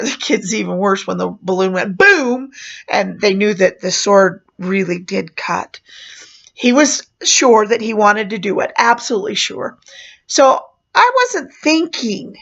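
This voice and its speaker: A woman's voice: mid-range voice, a little slow, vocal fry, fairly bright tone. A woman who performed as a clown, chatting through a personal story with fillers and small laughs. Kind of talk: casual spoken memoir. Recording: muffled lo-fi recording.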